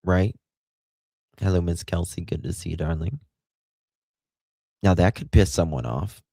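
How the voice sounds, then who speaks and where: A man's voice: low-pitched, measured pace, vocal fry, dark tone, no room sound. A man with an Appalachian accent hosting a live stream, rambling casually and greeting chat viewers by name.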